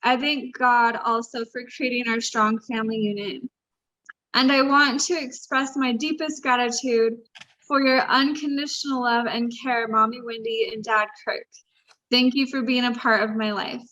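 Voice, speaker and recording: A woman co-hosting a casual chat, reading tributes aloud, emotional and quick to laugh. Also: a little high, steady tone, pushed and bright. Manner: emotional, gushing, laughs easily. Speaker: co-host. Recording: dull lo-fi sound.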